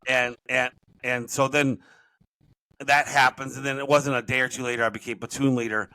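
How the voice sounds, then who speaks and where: A man's voice: medium pitch, level tone, normal speed, sharp tone, dry recording, low-quality recording. A middle-aged man, a podcast guest and business coach, telling his stories in a rambling, self-correcting way. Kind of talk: casual storytelling interview.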